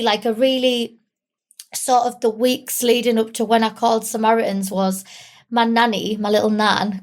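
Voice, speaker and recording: A young woman from England, tearful, talking candidly and haltingly with small giggles in an interview. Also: a little high. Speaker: guest. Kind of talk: emotional interview.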